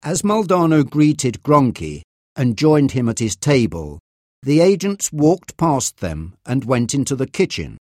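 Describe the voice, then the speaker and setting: Man reading a story, slow, lively pitch, very dry close sound. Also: no room sound. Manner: slow, clear, expressive. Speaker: narrator. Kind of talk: audiobook reading.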